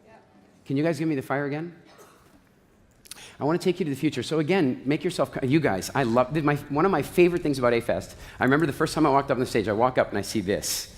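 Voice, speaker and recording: Middle-aged male stage speaker, animated storyteller, mid-range voice, reverberant hall. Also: medium pitch. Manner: animated storytelling, acts out quotes, then slow guided relaxation. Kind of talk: motivational stage talk. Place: large hall with audience.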